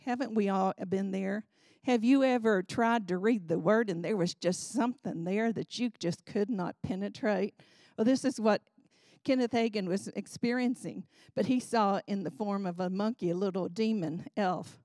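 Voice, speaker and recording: A woman leading a Bible study, reading aloud from a book and teaching in an earnest, expressive way. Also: mid-range voice, moderate pace, no room sound, studio quality.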